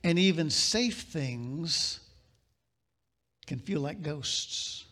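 A male pastor delivering a sermon, reading scripture aloud with dramatic pauses and sudden bursts of emphasis. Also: fairly high pitch, lively intonation, pushed and bright.

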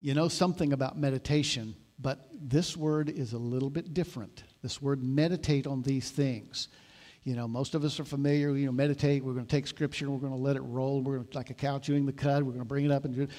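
A man preaching a sermon, moving between loud emphatic exhortation and calm explanatory teaching. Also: medium pitch, brisk. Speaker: pastor.

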